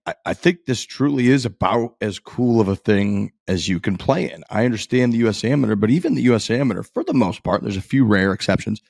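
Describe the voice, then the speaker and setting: A male podcast host with a somewhat low voice, talking through his views in a measured way. The sound is dry and close to the mic. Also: a little mellow, dry recording. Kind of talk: casual chat.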